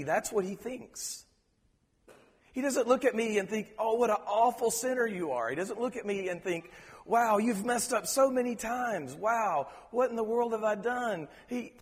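A man preaching a sermon, earnest and halting, often repeating words as he searches for them. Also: a little high, big-room sound. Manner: preacher quoting scripture in reverent tones. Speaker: pastor.

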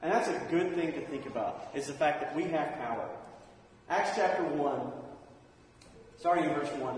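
A man's voice: a little high, moderate pace, a little hiss or hum. Man preaching in an echoey hall. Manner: casual and anecdotal, acting out quoted voices. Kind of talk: sermon with storytelling. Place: church auditorium. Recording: echoey hall, far from mic.

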